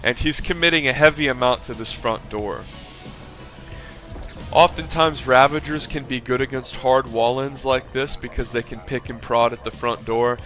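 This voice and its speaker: A man's voice: medium pitch, moderate pace, fairly bright tone, faint music behind. A man commentating his own game match with brash, profane ranting asides. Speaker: gameplay commentator.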